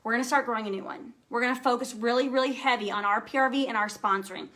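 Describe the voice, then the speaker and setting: Woman, young adult, team leader, motivational live talk, emphatic, bright tone, somewhat high pitch. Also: fairly even intonation, fast. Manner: upbeat, emphatic, peppered with "okay?" and "right?". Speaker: team leader coaching her sales team.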